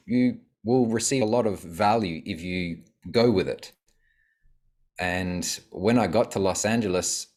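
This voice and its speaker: A man, a podcast guest, telling reflective stories about his life in a casual conversation. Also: deep voice. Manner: reflective storytelling.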